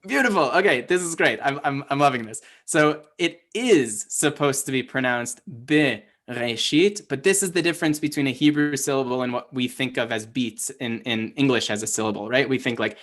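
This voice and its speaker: A man's voice: mid-range voice, normal speed, few pauses, fairly bright tone. A man teaching a language class over a video call, explaining patiently and often checking in with his students. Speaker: Hebrew teacher. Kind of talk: online class lesson.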